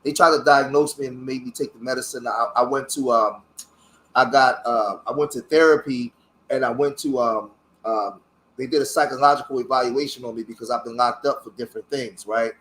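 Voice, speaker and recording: Earnest middle-aged man, halting livestream talk. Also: medium pitch, fairly even intonation, a bit bright. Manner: halting and searching, many fillers and restarts; earnest, openly emotional about his past. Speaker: community activist hosting his own channel. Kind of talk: casual livestream talk while showing photos.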